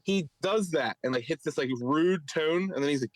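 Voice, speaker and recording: A man's voice: fairly high pitch, moderate pace, no room sound, poor audio. A man with a Philadelphia accent, co-hosting a podcast and telling a long story in a rambling way full of fillers. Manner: rambling, filler-heavy, animated retelling. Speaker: podcast co-host. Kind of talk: casual storytelling chat.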